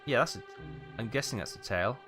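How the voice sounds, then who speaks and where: A man's voice: mid-range voice, animated, brisk. A Welsh man giving rambling let's play commentary, muttering and thinking aloud as he pieces things together. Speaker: game streamer. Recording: voice over game music. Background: game music.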